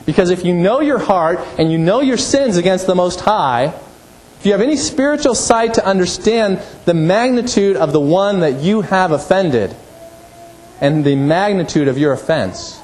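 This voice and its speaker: A male pastor preaching a sermon, emphatic, rising to forceful peaks and dropping low. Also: lively intonation, normal speed, low-quality recording.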